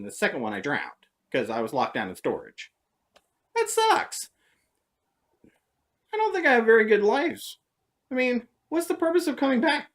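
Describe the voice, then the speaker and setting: A woman telling stories in a casual vlog monologue, sarcastic and animated. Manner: animated, sarcastic, jumps between high and low tones. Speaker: vlogger.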